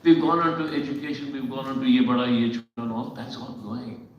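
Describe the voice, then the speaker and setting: A man's voice: medium pitch, fast talker. A man with an Indian accent, speaking as a panel guest and telling a story full of rhetorical questions. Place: event hall on stage. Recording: echoey hall from far off, dull sound.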